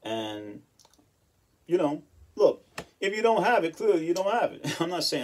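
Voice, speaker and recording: A man's voice: fairly high pitch, very animated, measured pace. A man talking casually to his channel viewers, laid-back and chatty, often laughing and saying "you know.". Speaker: channel host. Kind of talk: casual monologue vlog. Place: home in Japan.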